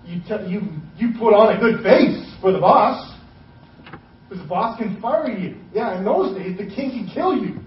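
A man preaching a sermon in a casual, conversational way, slipping into quick acted asides. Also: sits high, lively intonation. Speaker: pastor. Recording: roomy, distant, dull sermon recording.

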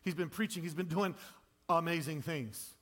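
A man's voice: fairly high pitch, normal speed, fairly bright tone. A male pastor preaching a conversational, self-deprecating sermon in a church, acting out the voices he quotes.

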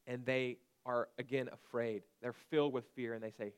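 A man in his thirties preaching a conversational sermon and at times breaking into sharp shouted commands. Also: mid-range voice, flat delivery, normal speed, hardly any pauses, smooth. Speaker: pastor.

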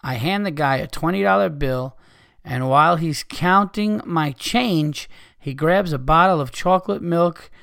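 A man with a high voice hosts his podcast in a heated, profane rant. He talks with frustration and swears freely throughout. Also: measured pace, vocal fry, fairly bright tone, clear, resonant tone. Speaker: podcast host. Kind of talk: ranting podcast monologue.

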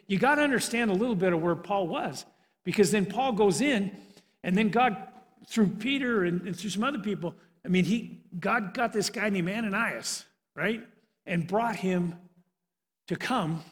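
A male preacher retelling a Bible story in an animated sermon, often restarting his sentences, in a church. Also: high voice. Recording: reverberant hall.

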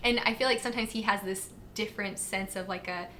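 Woman coach chatting on a podcast, bright voice, animated, lots of likes and ums, faint hiss. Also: medium pitch, quick pace. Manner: animated storyteller, lots of fillers and acted quotes. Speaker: podcast guest, fitness and nutrition coach. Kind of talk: casual interview chat.

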